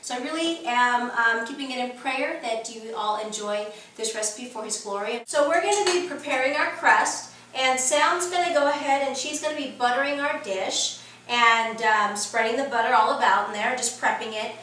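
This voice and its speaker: A woman from California presenting her own recipe in a casual home cooking demo, talking in an earnest, chatty way with many pauses and fillers. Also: on the high side, sharp tone, slight background noise. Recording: very echoey room, mic at a distance.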